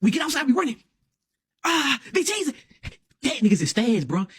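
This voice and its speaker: A young man telling a wild comedic story, dramatic and excitable, full of slang and constantly asking "you hear me?". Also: very high voice, moderate pace, husky, no room sound, clean studio sound. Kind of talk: animated comedic story time.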